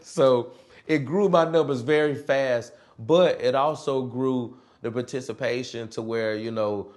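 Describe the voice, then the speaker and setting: A man who mentors and coaches students, telling stories about his work in an earnest, expressive way, laughing often and mimicking his students' voices. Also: mid-range voice, normal speed. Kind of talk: personal storytelling interview.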